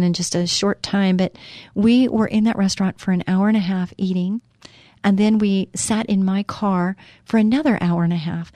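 A woman's voice: medium pitch, warm tone, no echo. Middle-aged lady hosting a faith talk show, earnest and heartfelt, rambles a bit, dry close sound. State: emotional at moments. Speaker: show host.

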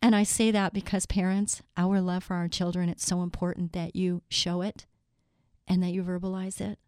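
A middle-aged woman delivers a devotional talk with scripture readings, earnest and heartfelt as she speaks straight to her listeners. Her voice is smooth and clear, recorded close and dry. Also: fairly low pitch, level tone, moderate pace, a little mellow, no room sound. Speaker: Christian speaker.

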